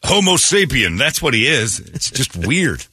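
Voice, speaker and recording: A man hosting a morning radio show, joking loudly and irreverently with his co-hosts in casual banter. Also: mid-range voice, big pitch swings, unhurried, husky, dry recording. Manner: loud, jokey and irreverent, swings into put-on quote voices. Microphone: studio microphone. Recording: dry radio studio.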